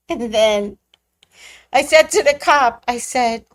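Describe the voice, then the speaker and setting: A woman casually telling a personal story on her vlog, laughing often and swinging between squealing highs and hushed lows. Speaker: vlogger.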